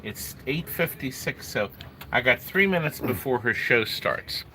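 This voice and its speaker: A man's voice: medium pitch, animated, a little slow, pushed and bright. A middle-aged man hosting a casual livestream, chatting in a rambling way and greeting viewers by name. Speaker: livestream host selling arcade games. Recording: noisy room ambience.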